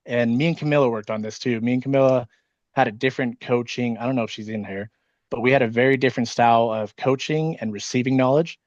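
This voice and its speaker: Jittery team-leader guy on a video call, rapid casual talk with lots of swearing, mid-pitched voice, dry and a bit dull audio. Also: a little mellow, no room sound. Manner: fast, casual, swears often. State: nervous and wired on caffeine. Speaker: insurance sales team leader. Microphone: video call microphone.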